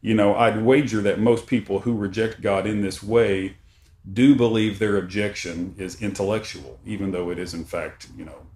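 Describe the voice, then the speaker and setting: A man leading a church study lesson, talking in a conversational, halting way with frequent restarts. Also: fairly low pitch, fairly even intonation, darkish tone. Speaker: Bible study teacher. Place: church meeting room. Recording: roomy room with faint background noise.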